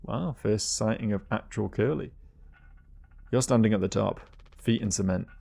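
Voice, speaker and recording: A man with a low, heavily gravelly voice gives casual let's play commentary. His tone is husky and rough as he thinks out loud, piecing the story together with the odd curse word. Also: normal speed. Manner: thinks aloud, swears casually.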